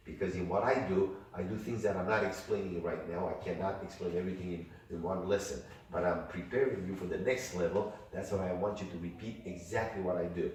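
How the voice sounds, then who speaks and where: An older man teaching a music workshop, talking in an animated way and demonstrating rhythms with sung syllables. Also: deep voice. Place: indoor workshop room. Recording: echoey room from far off, faint noise.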